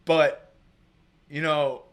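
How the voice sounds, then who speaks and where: A man's voice: fairly high pitch, fairly even intonation, very slow, a bit bright. A man telling a personal story as a guest, rambling and packing his talk with filler words. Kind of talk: casual storytelling.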